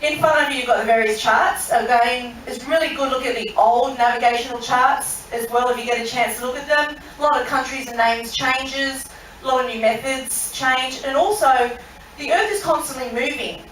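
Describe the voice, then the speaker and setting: A woman's voice: high voice, moderate pace, a bit bright, a little hiss or hum. A woman presenting an interactive lesson to an audience, chatty, asking questions and laughing along. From Australia. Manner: chatty, asks the audience questions, laughs at her own story. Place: large room on a cruise ship. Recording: very echoey hall, voice from far off.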